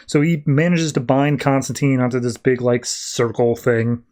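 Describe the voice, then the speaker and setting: A man's voice: medium pitch, normal speed, darkish tone. A man hosting a podcast, casually recapping a comic with loose, filler-heavy paraphrase. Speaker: podcast host.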